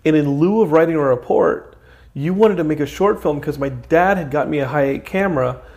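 A man's voice: fairly high pitch, brisk, gravelly, darkish tone. A middle-aged man reminiscing in casual chat, rambling with lots of fillers and laughter.

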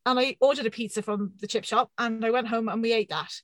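A woman in her thirties telling a funny story on a podcast, animated and self-mocking, swearing often. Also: fairly high pitch, fast talker, dry recording, poor audio. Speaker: podcast co-host. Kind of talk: casual storytelling chat.

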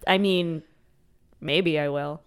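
A woman's voice: low-pitched, fairly even intonation, slow pace, clean tone. A woman co-hosting a casual chat podcast, wry and giggly, from Canada. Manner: wry, giggly, reads quotes aloud in put-on voices. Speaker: podcast co-host.

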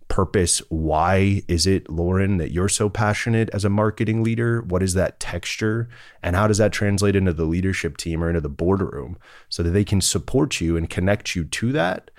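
Deep-voiced man in earnest business talk. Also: darkish tone, no room sound, clean studio sound. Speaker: executive search firm partner. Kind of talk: conversational podcast interview.

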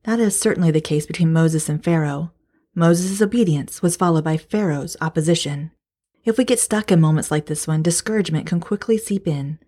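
A woman leads a devotional Bible study, reading scripture aloud and talking it through with her listeners, whom she calls her friends. Her voice sits low, with a dark, mellow tone. She sometimes drops to a whisper to stress a point. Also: brisk, husky. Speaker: Bible study podcast host.

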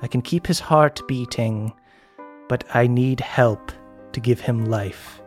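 A scheming, ageless sorceress talks in a silky, persuasive way, as a man puts her on. The voice stays at an ordinary mid pitch. Faint music is heard behind her. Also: slow pace, a little mellow, natural voice. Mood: calm.

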